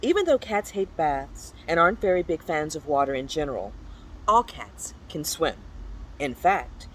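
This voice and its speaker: Children's book read-aloud, playful storyteller, lively swooping pitch, faint background noise. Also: moderate pace, poor audio. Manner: playful, animated read-aloud with high squeaky exclamations.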